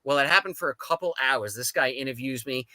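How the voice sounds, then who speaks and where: A man's voice: mid-range voice, fast talker, no echo, poor audio. A man, a guest on a talk show, telling his story casually and animatedly, acting out the people he quotes. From United States. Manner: animated, acts out quoted dialogue.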